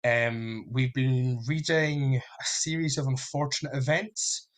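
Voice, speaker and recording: Young guy doing a solo podcast, mid-pitched, excited and rambly. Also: slow pace. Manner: enthusiastic, rambling fan talk. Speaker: podcast host. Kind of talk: casual solo podcast chat.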